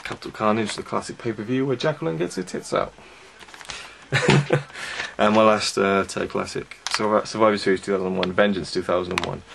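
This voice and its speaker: A man's voice: fairly low pitch, fairly quick, creaky, background noise. A young man giving a casual, chatty review of wrestling DVDs, enthusiastic and full of fillers. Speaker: DVD reviewer.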